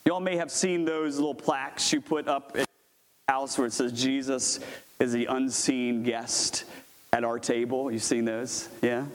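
A man, preaching a conversational sermon as pastor, joking with and calling on his congregation. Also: medium pitch. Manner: lively, jokey, talks with the congregation.

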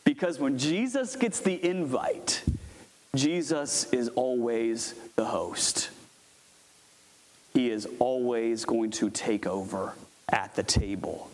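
A man's voice: mid-range voice, slow. A man, preaching a conversational sermon as pastor, joking with and calling on his congregation. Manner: lively, jokey, talks with the congregation.

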